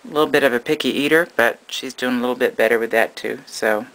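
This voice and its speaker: A man's voice: medium pitch, fast talker, a bit bright, low-quality recording. A man narrating a casual vlog about his pet reptiles, rambling and affectionate, cooing at his animals. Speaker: reptile keeper.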